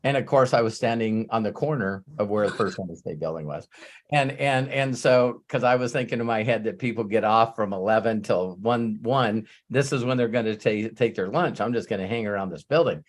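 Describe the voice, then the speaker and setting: A man's voice: on the low side, brisk. A man hosting a live question session as a sales coach, telling a story in a casual, stammering, emotional way with some swearing.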